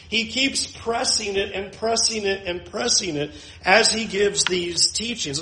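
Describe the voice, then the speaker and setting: A male preacher with a notably high voice works through scripture verse by verse, slowing down to read the text aloud. The sound carries a roomy echo. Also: fairly bright tone. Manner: reads scripture slowly, acts out the crowd's voices. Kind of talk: sermon.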